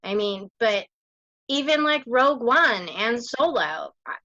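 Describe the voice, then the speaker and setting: Female podcast guest, bright high voice, animated, dull dry call audio. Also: measured pace, no echo. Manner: animated, laughing storyteller. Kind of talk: casual podcast chat.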